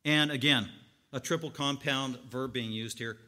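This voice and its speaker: A man preaching an expository sermon, acting out the people in the story and swinging from quiet explaining to loud, animated outbursts. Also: mid-range voice, normal speed. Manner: animated, acts out voices, rising to loud outbursts. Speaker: pastor.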